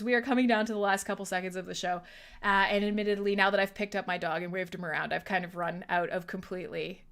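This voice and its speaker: A woman's voice: on the high side, pushed and bright. A woman hosting a casual livestream, chatty and playful, laughing often. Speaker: livestream host.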